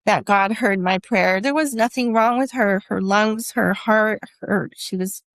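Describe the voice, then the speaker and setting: A woman giving emotional personal testimony as an interview guest, speaking earnestly and haltingly with many restarts. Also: mid-range voice, no room sound.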